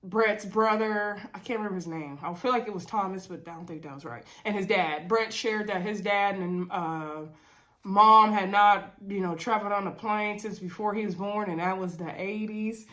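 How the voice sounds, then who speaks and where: A woman's voice: medium pitch, normal speed. A woman with a cold, casually recapping a reality TV episode in a loose, chatty way, full of "y'all" and fillers. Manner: relaxed Southern-leaning casual talk with fillers and "y'all". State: congested from a cold.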